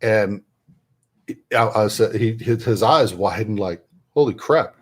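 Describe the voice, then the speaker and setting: Guy with a lowish voice chatting at his paint desk, rambly, keeps restarting, chuckles here and there. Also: fairly even intonation, slow pace. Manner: rambling, self-interrupting anecdotes with chuckles. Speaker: miniature painter and tabletop gamer. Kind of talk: casual storytelling while painting.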